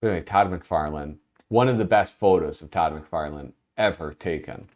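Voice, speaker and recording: A man's voice: sits low, normal speed, a little mellow. A man hosting a casual livestream, chatting loosely with viewers, often breaking off mid-thought and laughing as he talks. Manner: rambling, self-interrupting, laughs while talking. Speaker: host.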